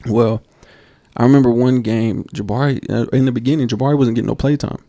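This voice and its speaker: A man co-hosting a basketball podcast, telling coaching stories in a casual, animated way and acting out quotes. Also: mid-range voice, quick pace, no echo. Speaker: podcast co-host. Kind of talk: casual storytelling chat.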